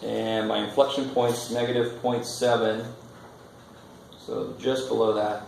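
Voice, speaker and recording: A male math teacher talking through graphs in a very echoey classroom, his voice a bit gravelly. He is loose and joking, thinking aloud while he works at the board. A faint hiss sits under the recording. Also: on the low side, level tone, a little slow, darkish tone. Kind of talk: classroom lecture.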